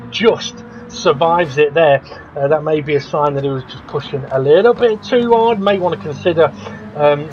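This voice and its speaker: A man commentating a sim race, excitable, laughing often and jumping up at crashes. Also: fairly high pitch. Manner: excitable, laughs often, rises sharply at incidents. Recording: dull lo-fi audio with clear background noise.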